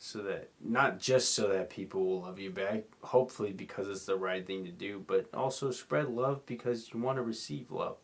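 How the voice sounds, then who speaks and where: A man's voice: on the low side, normal speed, gravelly, hardly any pauses. A young man hosting a rambling solo podcast, drunk and sleepy, slurring and apologizing as he talks. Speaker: podcast host.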